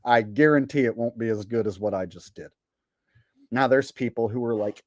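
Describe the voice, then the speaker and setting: A man's voice: mid-range voice, moderate pace, a little mellow, no room sound, clean studio sound. A man hosting a livestream in a casual, sarcastic rant, profane and boastful. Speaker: host.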